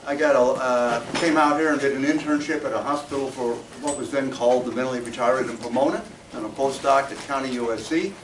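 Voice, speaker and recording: An older man in his seventies lectures to an audience, speaking haltingly and often restarting his sentences. He sits at a mid-range pitch and sounds distant from the mic, in a roomy, echoing space with steady ambient noise. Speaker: guest speaker. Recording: distant, echoey, with room noise.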